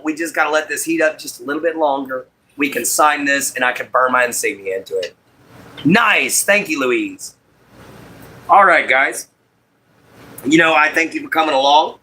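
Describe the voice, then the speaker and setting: Bright-voiced man chatting on a livestream. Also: a little high, moderate pace, breathy edge. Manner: greets viewers by name, apologetic about audio. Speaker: livestream host. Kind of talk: casual livestream chat while crafting.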